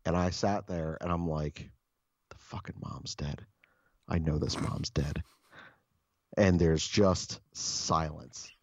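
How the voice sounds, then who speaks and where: A man's voice: extremely low pitch, fairly even intonation, takes it slowly, no echo, highs cut off. A man casually telling a long anecdote, swearing freely and restarting his sentences often. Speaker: storyteller.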